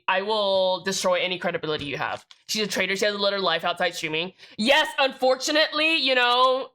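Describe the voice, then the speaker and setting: A woman's voice: medium pitch, sharp tone. A young woman streamer chatting casually with her viewers, sassy and profane, joking through everything. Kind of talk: casual live-stream chat.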